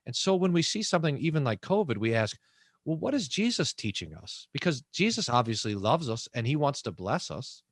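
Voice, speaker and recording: A man, a pastor, hosting a long-form interview, speaking with enthusiasm and many halting restarts. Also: mid-range voice, very animated, dry recording. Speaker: pastor and host.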